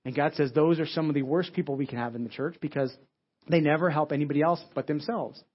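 A man's voice: fairly high pitch, fast talker, slightly rough. A man preaching a sermon as pastor, in a conversational way, often restarting phrases and asking "right?". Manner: conversational, repeats words and restarts, frequent "right?". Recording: dull lo-fi audio.

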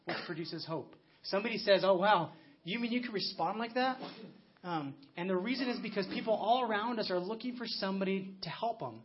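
An American pastor in his thirties delivers a conversational sermon, telling stories and often restarting his sentences. His voice is high with a breathy edge, and the recording sounds muffled and lo-fi.

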